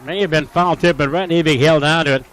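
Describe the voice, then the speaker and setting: An Upper Midwest US play-by-play announcer calls a college baseball game in a voice slightly higher than most, delivering counts, lineups and sponsor reads steadily and informatively. He talks fast, and his voice leaps with excitement on big plays, though the audio is poor.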